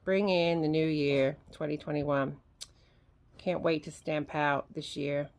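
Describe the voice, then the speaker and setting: Excitable woman unboxing at home. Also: deep voice, slow pace. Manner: excitable, gushing, talks to viewers. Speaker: craft vlogger. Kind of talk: casual unboxing chat. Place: home room with recliner. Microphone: camera on a tripod.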